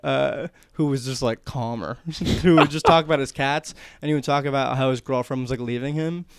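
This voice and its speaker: A man's voice: mid-range voice, a little fast, smooth, dry recording. A man from northern New Jersey telling rambling stories in casual podcast chat, often laughing mid-sentence. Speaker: podcast guest.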